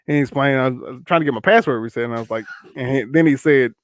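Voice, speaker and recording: A young man co-hosting a podcast, telling a profane work story in a casual, animated way and acting out both sides of the conversation. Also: mid-range voice, racing, no echo. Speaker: podcast co-host.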